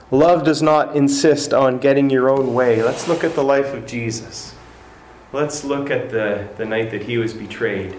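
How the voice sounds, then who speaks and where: A man preaching a sermon, conversational and animated, often repeating words as he tells stories. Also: medium pitch, slight background noise. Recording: roomy hall echo, faint ambience.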